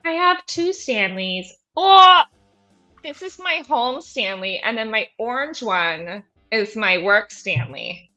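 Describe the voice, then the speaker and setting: A woman's voice: on the high side, animated, slow pace, sharp tone, rough recording. A young woman co-hosting a paranormal live stream in casual, giggly chat with self-deprecating asides. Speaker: paranormal podcast co-host. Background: faint rock music.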